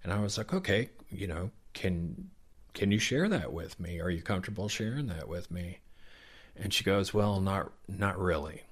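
A man's voice: low-pitched, lively intonation, moderate pace, husky. A middle-aged man with a Southern American accent who works as Santa, telling stories in an interview and acting out the children's words. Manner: warm, anecdotal, acts out children's words. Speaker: professional Santa Claus. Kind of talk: interview storytelling.

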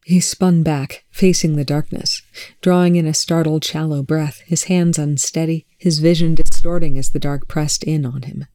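A narrator reading fan fiction aloud with a measured, hushed sense of suspense. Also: mid-range voice, fairly even intonation, no room sound, studio quality.

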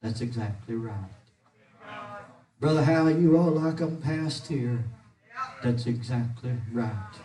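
A pastor who preaches a holiness sermon, shouting with rhythmic, rising cadences and growing short of breath. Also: male voice, medium pitch, slow pace, long pauses. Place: church sanctuary. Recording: echoey church, mic at a distance.

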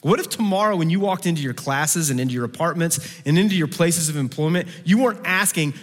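A male preacher with a fairly high voice delivers a sermon in a large hall, his words trailing off into a long reverb. He moves between fervent, raised stretches and hushed, intimate pleading, acting out the prayers and questions of his listeners. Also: fairly quick, hardly any pauses. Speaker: campus preacher.

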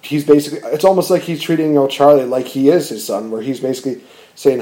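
Male podcast host, casual movie chat, warm, slightly raised voice, rambling delivery. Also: on the high side, normal speed. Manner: rambling, animated, with frequent fillers and restarts.

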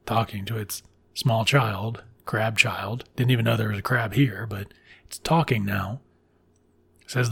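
A man's voice: on the low side, steady tone, measured pace, creaky, a bit bright, husky. A man casually retelling a classic children's story in a sardonic, irreverent way, swearing freely as he goes.

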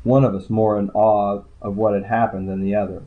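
A man's voice: fairly low pitch, flat delivery, a little fast. A man narrating a first-person story in a dry, wry way. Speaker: audiobook narrator. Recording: tinny phone-like sound.

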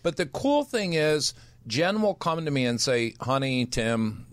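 A man's voice: a little high, sing-song, a little slow, dry recording. Blunt man telling his story. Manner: blunt, swears casually. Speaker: podcast guest, recovery speaker. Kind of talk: candid conversational storytelling.

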